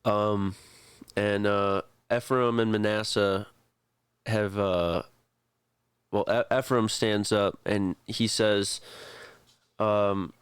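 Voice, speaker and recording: A man running a tabletop role-playing game, narrating in a relaxed, rambling way. His voice is low, smooth and clear, and he takes his time. The sound is dry and close. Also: extremely slow, no echo. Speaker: game master.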